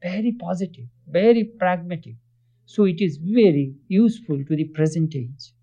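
A man with a high voice delivers a spiritual discourse, earnest and questioning, turning often to his listeners. The recording is dull and lo-fi. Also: mellow. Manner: earnest, questions listeners, chants Sanskrit verses quickly. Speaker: spiritual teacher. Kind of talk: religious discourse.

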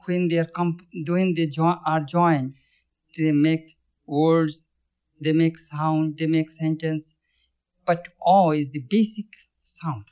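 Brief: man, high voice, swami giving a scripture talk, measured and halting, dull lo-fi recording. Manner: measured, thoughtful pacing with frequent restarts. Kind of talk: spiritual talk explaining scripture.

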